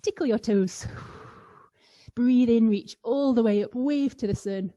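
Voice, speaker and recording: A woman with a fairly high, mellow voice takes her time as she leads children through playful yoga. She's a kids yoga teacher who sometimes makes animal sounds along the way.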